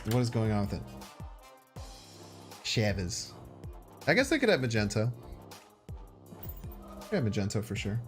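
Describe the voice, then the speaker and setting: Chatty Chicago-accented streamer, lively pitch. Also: male voice. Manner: chatty, thinks aloud and talks to chat. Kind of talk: casual gaming stream commentary.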